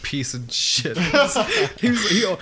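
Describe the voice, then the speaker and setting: A young man in casual podcast chat, enthusiastic and quick to agree with his friends. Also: high-pitched, huge pitch swings, a crowd in the background. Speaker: podcast co-host.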